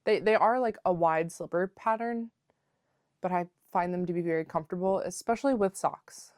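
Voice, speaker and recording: A woman's voice: lowish voice, normal speed, darkish tone, no echo, clean studio sound. A woman chatting casually as a knitting vlogger, rambling with lots of filler words and calling her viewers besties. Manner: playful, calls viewers besties. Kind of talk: casual chat. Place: at home.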